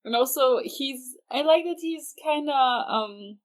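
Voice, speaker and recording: A woman's voice: high voice, slow pace, rough recording. A woman co-hosting a fan podcast in casual chat, speaking hesitantly with restarts and fillers. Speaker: podcast co-host.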